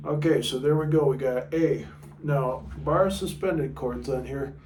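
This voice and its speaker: A man teaches guitar in a loose, thinking-aloud way, often stopping to check his notes. He sounds a little far from the mic in an echoey room, with loud guitar playing behind him. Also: medium pitch, measured pace. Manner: talks with a pick in his mouth at times. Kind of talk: casual guitar lesson.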